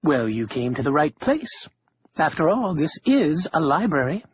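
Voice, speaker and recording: An eager, dorky male librarian with a bookish, jokey streak, as a male narrator voices him. His voice swoops up and down a lot and sounds raspy and dry. The sound is dull and lo-fi. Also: a little high, sing-song, unhurried, no echo, exaggerated voice.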